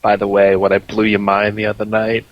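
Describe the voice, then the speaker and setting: A man's voice: fairly low pitch, completely flat delivery, brisk, dry recording, muffled recording. A man co-hosting a podcast, dropping in joking comments. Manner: joking interjections, swooping intonation. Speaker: podcast co-host. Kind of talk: casual podcast banter.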